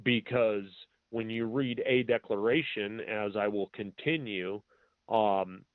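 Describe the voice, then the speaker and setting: A man hosting a talk show who speaks hesitantly with many pauses and filler words, and reads documents aloud, spelling out capitals and punctuation. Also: on the low side, steady tone, no echo. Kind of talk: slow, halting talk-radio monologue. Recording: tinny, dry phone-line audio.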